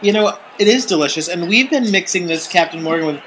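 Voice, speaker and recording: Man, comedy talk-show co-host, high voice, bright tone, hesitant, lots of fillers. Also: lively intonation, fast talker, slight background noise, poor audio.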